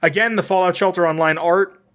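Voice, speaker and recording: Male podcast host, slightly high voice, reads notes loosely, trips over words. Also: steady tone, a little fast, a bit bright. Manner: reads notes aloud, tripping and correcting words. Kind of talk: casual podcast lore reading.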